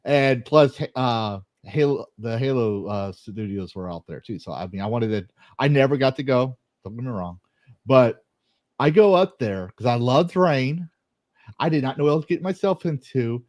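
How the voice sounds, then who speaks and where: A man's voice: medium pitch, expressive, normal speed, darkish tone, no room sound. A man from Texas hosting a casual chat, telling rambling, joking stories.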